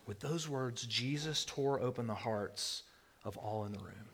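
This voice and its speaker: A man preaching a sermon, swinging between loud declarations and hushed near-whispers. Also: mid-range voice, measured pace, husky. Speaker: pastor.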